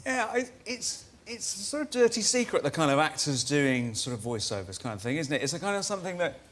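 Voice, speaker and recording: A man's voice: fairly high pitch, sing-song, a little fast, a bit bright. A man, a comedian guest on a chat show, talking chattily and hesitantly, laughing things off. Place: TV studio.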